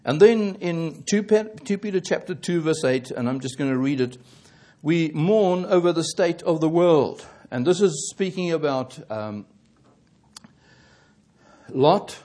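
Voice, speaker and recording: A man preaching a sermon, halting and correcting himself often, growing more emphatic as he presses his points. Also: fairly high pitch, lively intonation, mellow. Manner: halting, with many fillers and self-corrections.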